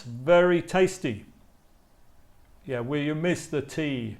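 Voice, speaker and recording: A man teaching a class live online, slowly repeating words for learners. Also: a little high. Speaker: English teacher.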